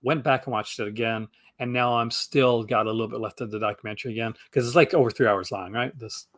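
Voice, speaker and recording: A Canadian man talks as a guest on a live stream, eager and rambling, full of "uh" and "like" and false starts. His voice sits at an ordinary middle pitch. The sound is dry and close, with no room around it. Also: steady tone, fast, a bit bright, dry recording. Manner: enthusiastic, rambling with many fillers and restarts. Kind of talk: casual chat.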